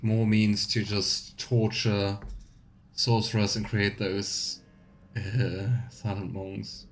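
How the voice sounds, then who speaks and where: A man's voice: lowish voice, slight background noise. A man giving casual gameplay commentary, chatty and reading game text aloud playfully. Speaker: let's play host.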